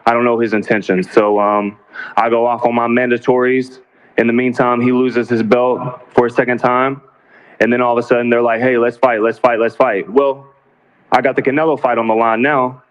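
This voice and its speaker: A boxer speaking calmly and pointedly at a press conference, making cutting remarks about his opponent. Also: mid-range voice, clear, resonant tone. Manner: calm, measured, cutting. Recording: dull lo-fi broadcast audio.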